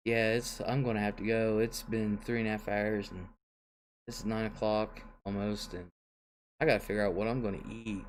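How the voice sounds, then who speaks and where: A woman's voice: rumbling low, a little mellow, slight background noise. An older woman hosting a casual livestream, chatting and reading viewer comments aloud with frequent chuckles. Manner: chuckles often, chatty and rambling. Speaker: livestream host.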